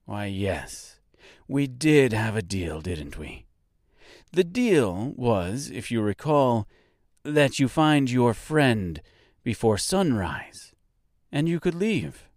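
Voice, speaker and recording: Guy doing a gloating polite villain, slow and sing-songy, dry mic. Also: mid-range voice, big pitch swings, darkish tone, no echo. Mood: gleeful. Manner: mocking, overly polite. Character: smug, gleeful male mansion owner villain.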